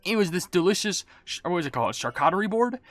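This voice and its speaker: A man casually reading out viewer comments as a gaming YouTuber, rambling and self-mocking, relaxed as if he just woke up. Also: sits high, quick pace, no room sound, soft background music. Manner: rambling, self-mocking, swaps swear words for silly substitutes; relaxed and laid-back.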